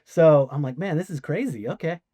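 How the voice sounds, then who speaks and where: A man guest on a podcast, casually telling a story, animated and swearing, acting out quoted voices. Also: on the high side, a little fast, slight background noise.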